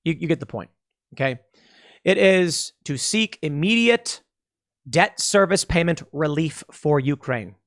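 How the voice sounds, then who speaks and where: Man, political commentary host, fairly high voice, sarcastic, conversational, dry close sound. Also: lively intonation, a little slow, no echo. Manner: sarcastic, conversational, reads out vote lists.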